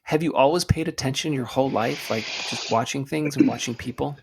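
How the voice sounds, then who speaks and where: A man hosting a podcast, asking friendly, halting questions. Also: medium pitch, vocal fry, noisy background. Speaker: podcast host. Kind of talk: interview questions.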